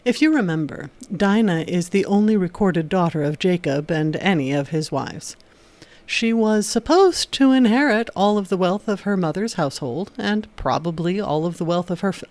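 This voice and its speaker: A woman hosting an educational video, reading a scripted narration in a steady explanatory way with occasional wry asides. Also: fairly low pitch. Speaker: video essay host.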